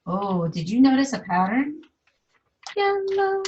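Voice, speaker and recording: A woman teaching a children's music lesson, gently asking questions and singing short phrases and rhythm syllables. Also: a little high, very animated, takes it slowly, muffled recording, slight background noise.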